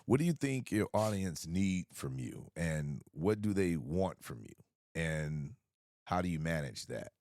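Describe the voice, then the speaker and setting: Calm man hosting, deep voice. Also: measured pace, no room sound, studio quality. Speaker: podcast host. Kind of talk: interview questions.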